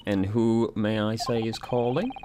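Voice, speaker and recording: A man voicing a prim young English housemaid, speaking politely in a raised falsetto. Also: fairly even intonation, measured pace, background noise, natural voice.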